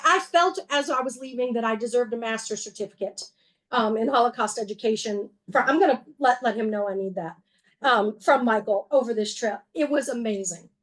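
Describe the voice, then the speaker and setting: A woman giving a slideshow talk to an audience, conversational and earnest, with wry humor and frequent fillers and self-corrections. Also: on the high side. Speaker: museum executive director giving a talk.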